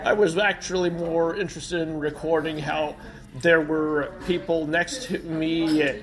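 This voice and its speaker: A man's voice: on the high side, fairly even intonation, measured pace, rough recording. A man talking hesitantly on a podcast in a Korean restaurant, with many fillers. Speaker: podcast guest. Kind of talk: casual chat. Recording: busy restaurant chatter behind.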